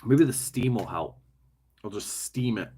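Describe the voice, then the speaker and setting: A man's voice: lowish voice, expressive, unhurried, warm tone, breathy edge. A man talking casually as he builds a toy set, rambling, muttering to the pieces and laughing at himself. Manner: chatty, self-mocking, often laughing to himself; mutters and talks to the pieces while fiddling.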